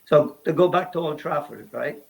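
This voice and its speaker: A man's voice: a little high, normal speed, creaky, darkish tone, poor audio. A man on a sports talk panel, telling old match anecdotes and quoting people in casual chat. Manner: anecdotal storyteller, quotes people.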